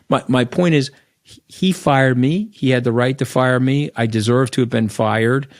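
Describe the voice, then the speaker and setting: Blunt, animated New storyteller man. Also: medium pitch, normal speed. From Long Island, New York. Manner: blunt, animated raconteur, tags lines with "okay?". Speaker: interview guest. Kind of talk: candid storytelling interview.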